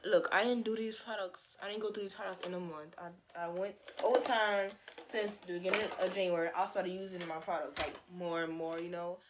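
A young woman chatting casually in a product review vlog. She talks stiffly with little mouth movement and sounds a bit flat. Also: fairly low pitch, fairly quick, highs cut off, noisy background. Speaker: beauty vlogger.

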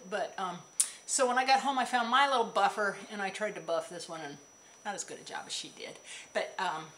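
A woman's voice: mid-range voice, fairly bright tone, a little hiss or hum, rough recording. A woman vlogger chatting casually to the camera, rambling with asides while she shows small items. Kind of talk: casual chat.

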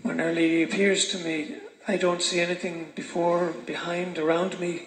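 Interpreter man in echoey church. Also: high voice. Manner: renders each phrase in measured, steady English. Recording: echoey room.

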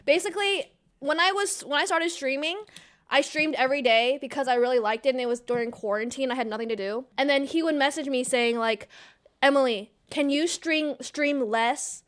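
A young woman streamer chatting casually, excitable and giggly, swearing freely and bursting into squeals. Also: sits high, brisk, smooth. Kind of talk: casual livestream chat, reacting to an old clip.

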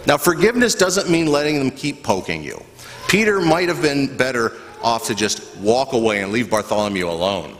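Lively pastor telling a children's story. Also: male voice, mid-range voice, normal speed, slight background noise. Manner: animated storytelling with questions to children. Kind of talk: children's sermon. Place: church sanctuary. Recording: echoey church hall, faint ambience.

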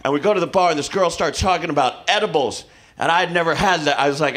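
A man doing a stand-up comedy set, telling stories in a halting, awkward way with deadpan self-mockery. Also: on the high side. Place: comedy club stage with audience laughter.

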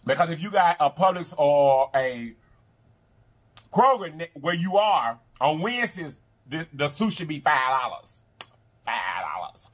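Southern American man, high voice, sing-song half-singing drawl, casual vlog host. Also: animated, unhurried. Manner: drawling, repetitive, affectionate addresses to viewers. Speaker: mukbang channel host. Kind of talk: casual vlog chat to viewers.

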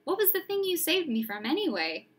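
A woman's voice: extremely high pitch, big pitch swings, a little fast, pitched above the performer's own voice. A woman voicing a curious, anxious young schoolboy who asks puzzled questions.

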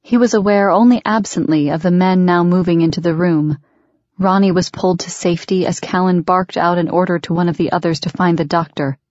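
A woman narrates a novel in a measured, even read. Her voice sits fairly low. The recording is dry and slightly dull. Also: no room sound. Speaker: audiobook narrator. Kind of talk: scripted audiobook narration.

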